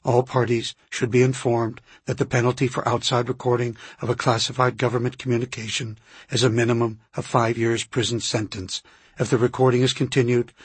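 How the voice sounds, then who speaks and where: A mechanical recorded voice delivers a formal warning in a flat monotone, read by a man narrating an audiobook. The timbre is husky. The recording is dry and close. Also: medium pitch, dry recording.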